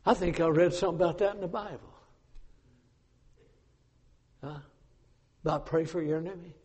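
A high-pitched preacher delivers an emphatic sermon, rising to shouts and then dropping to hushed asides. His voice rings through a large church with a long reverb. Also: fast, slightly rough.

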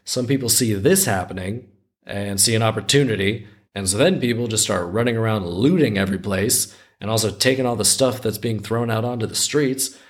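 A man's voice: on the low side, brisk. A man hosting a storytelling podcast, narrating in a wry, irreverent, conversational way.

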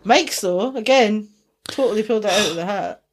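A woman co-hosts a laid-back chat podcast, speaking at a normal pace in a husky, mid-range voice. She's from Scotland, with a Dundee accent that carries a touch of Geordie. She's chatty, swears freely and laughs a lot.

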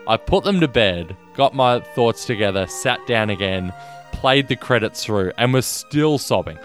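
A man co-hosting a podcast, talking about a film in an earnest, halting way with many restarts. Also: mid-range voice, animated, soft background music. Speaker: podcast co-host. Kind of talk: casual film discussion.

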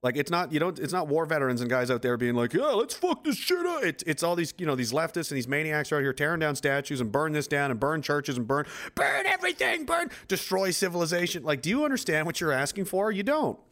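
Talking fast with hardly a pause, this fairly high-voiced man hosts a laid-back podcast conversation. His storytelling wanders and turns profane, and he performs the quoted lines with gusto.

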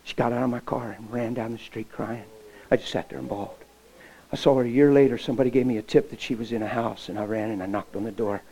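A man's voice: medium pitch, steady tone, fast talker, warm tone, slight background noise, poor audio. A middle-aged male pastor preaching, telling a personal story with feeling and acting out the dialogue, often dropping to a near whisper. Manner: emotional, acts out dialogue, drops to near whisper. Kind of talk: sermon storytelling.

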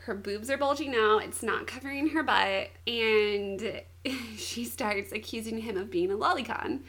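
A woman's voice: on the high side, unhurried. A young woman co-hosting a casual podcast, giggling often as she retells a manga plot. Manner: giggly, animated storyteller. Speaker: podcast co-host.

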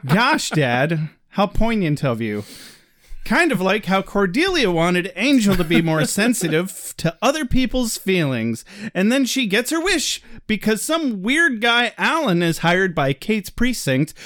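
A man co-hosting a podcast in casual chat, joking and rambling through quick recaps. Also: high-pitched, sing-song, fairly bright tone. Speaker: podcast co-host.

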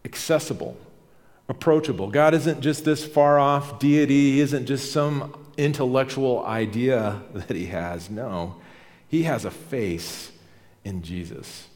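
A man's voice: mid-range voice, a little mellow, long reverb tail. A man preaching a sermon as pastor, conversational and emphatic, repeating key phrases.

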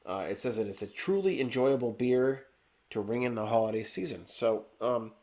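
A man's voice: mid-range voice, moderate pace, a little mellow. Brief: man, stuffy nose, podcast beer reviewer on a video call, meandering and full of fillers. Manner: rambling, many fillers and restarts. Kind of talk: casual chat.

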